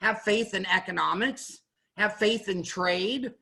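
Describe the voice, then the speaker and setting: A middle-aged American dentist talks in a high, bright voice. He speaks bluntly and animatedly, rambling and restarting his sentences as he goes. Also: a little slow, gravelly, rough recording. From United States. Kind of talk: panel discussion monologue.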